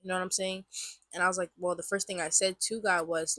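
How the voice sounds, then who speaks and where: A congested-sounding vlogger in her twenties shares a personal testimony to camera in a casual, rambling way, repeating phrases and saying "like" a lot. Her voice is on the low side, level and fairly bright, and she talks fast. There's no echo.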